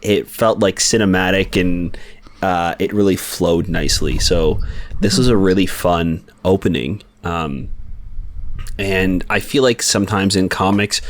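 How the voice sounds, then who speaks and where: A man co-hosting a casual comic book podcast, talking haltingly with many fillers and restarts. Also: low voice. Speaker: podcast co-host.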